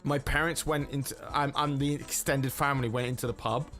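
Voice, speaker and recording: A man's voice: mid-range voice, fairly even intonation, a little fast, fairly bright tone, soft background music. A young man streaming a racing game, chatting casually in a rambling, sweary way, often stopping and restarting his sentences. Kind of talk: casual chat while gaming.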